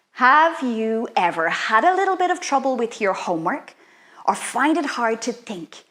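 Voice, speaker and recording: Lively sing-song woman leading kids. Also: a little high. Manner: animated, sing-song, exaggerated sounds for kids. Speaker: children's workshop leader. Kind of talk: guided children's activity, playful spells.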